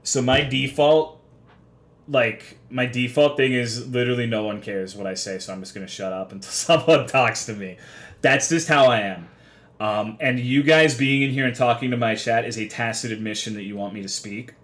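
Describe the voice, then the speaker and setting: A man's voice: medium pitch, fairly even intonation, moderate pace, a bit bright. Profane rambling young male streamer. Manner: profane, rambling, self-deprecating. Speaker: livestreamer. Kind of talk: casual livestream chat.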